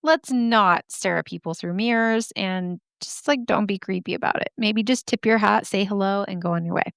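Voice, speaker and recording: Give me a chatty, animated woman host reading spooky stories into a dry close mic. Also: medium pitch, moderate pace, vocal fry, no echo. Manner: chatty, animated, swears and laughs at herself. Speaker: podcast host. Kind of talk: casual storytelling, reading listener stories.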